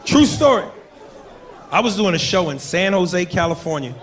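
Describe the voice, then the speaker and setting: A man doing a profane stand-up comedy routine with loud impressions on a club stage. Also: high-pitched, very animated, normal speed. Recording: live club with loud crowd and noise. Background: audience laughter.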